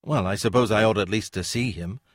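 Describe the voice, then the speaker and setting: A man's voice: on the low side, fairly quick, no echo, lightly acted. Man doing a young male academic, hesitant, polite, dry close sound, audiobook. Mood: tentative.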